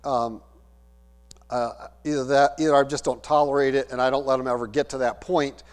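A man's voice: mid-range voice, little pitch movement, normal speed. A middle-aged man preaching a sermon as pastor, emphatic and conversational, asking the congregation rhetorical questions. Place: church sanctuary. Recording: long hall reverb with mains hum.

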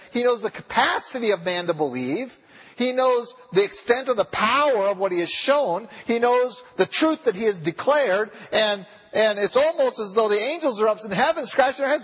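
A man preaching a sermon in a church, with a husky voice, pressing his listeners with repeated rhetorical questions. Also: high-pitched, expressive, moderate pace, fairly bright tone. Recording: long reverb of a large hall.

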